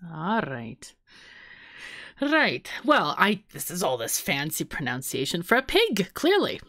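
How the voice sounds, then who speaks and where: A woman's voice: lowish voice, wildly swooping pitch, measured pace, a bit bright. A woman hosting a casual podcast chat, playful and laughing often. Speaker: podcast host.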